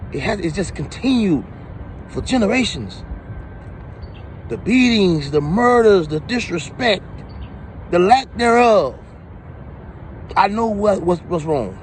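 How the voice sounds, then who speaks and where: Man ranting with swinging pitch. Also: slight background noise. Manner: profane, heated ranting monologue. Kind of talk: commentary rant.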